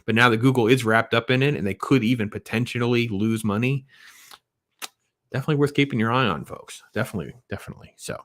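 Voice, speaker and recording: Male livestream host, low voice, opinionated, dry close sound. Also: a bit bright, no room sound. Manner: opinionated, reacts to chat comments. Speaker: podcast host. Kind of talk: casual livestream chat.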